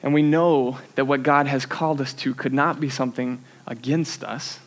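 A man's voice: medium pitch, steady tone, moderate pace. A young man preaching a sermon in a church, earnest and conversational, with self-deprecating asides.

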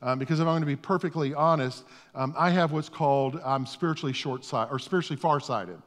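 In a church sanctuary, a middle-aged male pastor delivers a conversational, self-deprecating sermon, often repeating his words as he starts a thought. His voice is fairly high and quick, with the long reverb of a church hall.

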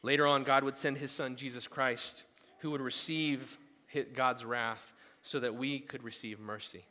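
A male pastor preaching a sermon at a church service, telling the story casually with animated asides. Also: medium pitch, a little slow. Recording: long hall reverb.

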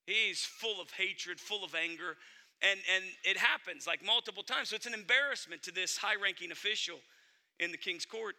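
A man's voice: high voice, moderate pace, pushed and bright. A male pastor preaching a sermon in an earnest, emphatic way, speaking directly to his congregation.

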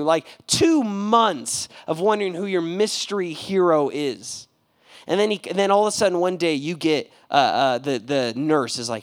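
A male pastor preaching a sermon in a casual, animated storytelling manner, with plenty of slang. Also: a little high, moderate pace.

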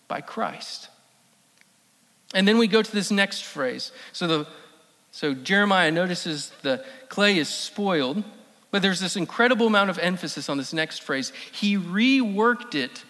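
A man preaching a sermon as pastor, emphatic, repeating key phrases and slowing down for stress. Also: high-pitched, pushed and bright. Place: church sanctuary. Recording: long reverb of a church hall.

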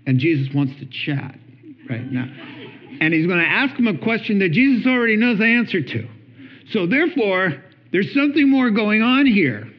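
A man preaching a sermon with animated storytelling, acting out quotes and chuckling between points. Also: sits high, moderate pace, highs cut off. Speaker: pastor.

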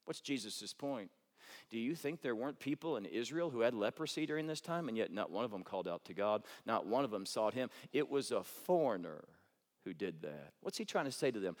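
A man preaching a sermon, telling stories with rhetorical questions and swinging from loud to hushed. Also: mid-range voice, very animated, a little fast, in a large hall. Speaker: pastor.

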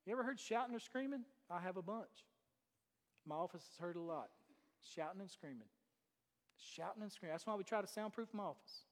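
A high-pitched man preaching to his congregation. He moves from booming statements to quiet, intimate asides and keeps asking the room questions. His voice rings with the long reverb of a big church hall. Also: fast talker. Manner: swings between loud declarations and hushed asides, with many rhetorical questions. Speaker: pastor. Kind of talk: sermon. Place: church sanctuary.

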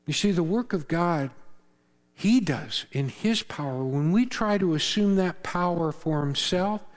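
A man preaching a sermon as pastor, earnest, rising to loud emphasis and dropping to hushed tones. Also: high-pitched, lively intonation, measured pace, long reverb tail. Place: church sanctuary.

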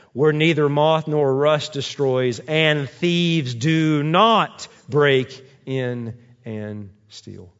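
A man preaching a sermon as pastor, repeating key lines and building to emphatic rises. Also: mid-range voice. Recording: dull lo-fi sermon recording.

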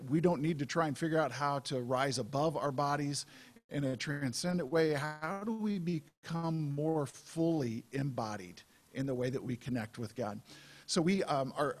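A man preaching a sermon as pastor, in a conversational, unhurried way with frequent fillers. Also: medium pitch, husky.

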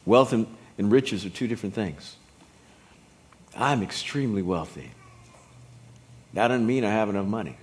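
A man in his fifties preaching a sermon in an emphatic, folksy way that rises to shouts. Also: lowish voice, normal speed, pauses often. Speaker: pastor.

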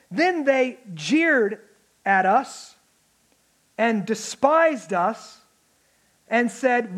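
High-pitched guy preaching, super animated, does the mocking voices. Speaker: pastor. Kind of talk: sermon.

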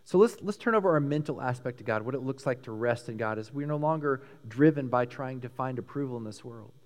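Animated Texan preacher in a big hall. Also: male voice, mid-range voice, brisk. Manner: animated, emphatic preaching with sudden swings between loud and hushed. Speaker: pastor. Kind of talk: sermon.

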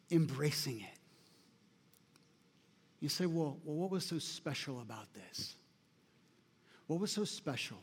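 A male pastor delivers a sermon in a high voice. He is emphatic and repeats his key lines, slowing down when he quotes scripture. His voice carries a long reverb, as if echoing through a church hall. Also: a little mellow.

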